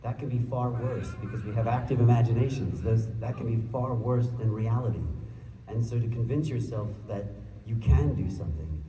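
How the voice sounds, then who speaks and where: A man's voice: medium pitch, moderate pace, mellow, slight background noise. A man speaking earnestly and encouragingly as a panel guest. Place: large convention hall, filmed from the audience. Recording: distant, echoey convention hall recording.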